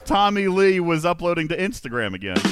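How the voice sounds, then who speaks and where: A man's voice: sits high, big pitch swings, brisk, soft background music. A man hosting a podcast, reading comedic news bits and chatting, often laughing through his own jokes. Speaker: podcast host.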